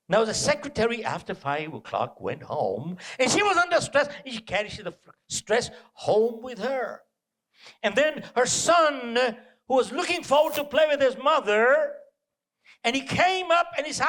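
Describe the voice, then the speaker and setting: A man giving a live motivational talk to an audience, animated and punchy, repeating short phrases and throwing out rhetorical questions. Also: high-pitched. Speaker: motivational speaker. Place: indoor event venue.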